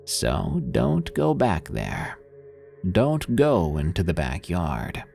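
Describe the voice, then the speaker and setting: A man doing a slow, measured spiritual advisor. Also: low-pitched, huge pitch swings, vocal fry, a little mellow, soft background music, exaggerated voice. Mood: calm.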